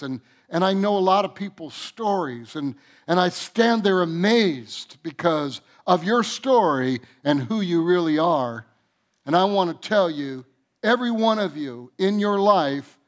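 A man preaching a sermon to his church as its pastor, earnest, with restarts and soft, quiet endings to his phrases. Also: high voice. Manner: earnest, with repeated restarts and soft drops in volume. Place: church sanctuary.

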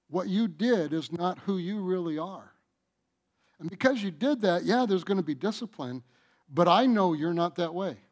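A middle-aged man preaching a sermon, stretching out his phrases and swinging between booming emphasis and hushed asides.

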